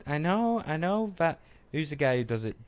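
Very animated and pitched on the high side, this man co-hosts a podcast at a moderate pace. The chat is casual, and he keeps joking, mocking himself, and slipping into funny voices.

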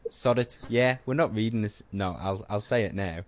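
A man's voice: on the low side, moderate pace. A man co-hosting a podcast in casual chat, joking and self-mocking. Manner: joking, self-mocking, puts on funny voices. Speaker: podcast co-host.

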